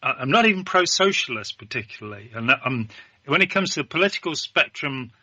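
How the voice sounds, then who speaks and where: A man's voice: medium pitch, animated, brisk, sharp tone, dry recording. A man talking as a guest in a political discussion, emphatic and opinionated.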